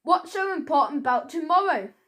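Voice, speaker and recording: A woman's voice: high-pitched, lively intonation, brisk, fairly bright tone. A woman playing a plucky little girl. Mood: pleading. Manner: pleading, eager questions. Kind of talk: storybook character voice.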